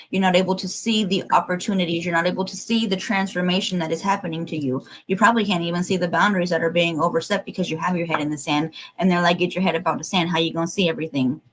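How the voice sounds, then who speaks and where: A woman's voice: fairly low pitch, poor audio. Emphatic, encouraging woman tarot reader. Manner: emphatic, encouraging, swears casually; emotional. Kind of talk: livestreamed collective card reading.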